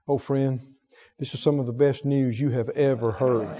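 A man preaching a sermon with fervor, swinging from hushed tones to shouts. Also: mid-range voice, measured pace. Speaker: pastor. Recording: dull sound in a long-reverb hall.

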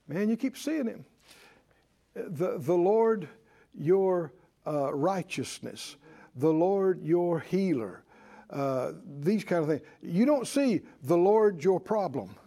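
High-voiced man preaching with call-and-response. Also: creaky, mellow. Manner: rhythmic call-and-response preaching, rising to bursts and dropping low. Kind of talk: sermon.

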